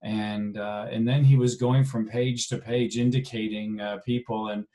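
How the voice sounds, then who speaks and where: A man giving a recorded genealogy lecture, talking conversationally in a halting way with many fillers and restarts. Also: lowish voice, little pitch movement, mellow. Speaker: genealogy instructor.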